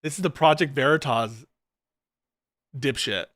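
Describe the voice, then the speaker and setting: A man's voice: measured pace, a bit bright, no room sound. Sarcastic, swearing male commentator reacting on stream; mid voice, dead dry. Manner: sarcastic, profane ranting; mocks others in shrill put-on voices.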